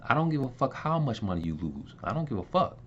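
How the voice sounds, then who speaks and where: A man's voice: medium pitch, very animated, fast, a bit bright. A man hosting his own channel, ranting heatedly at someone, swearing and repeating himself as he talks. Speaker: channel host. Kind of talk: angry video rant. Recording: dull lo-fi sound with faint noise.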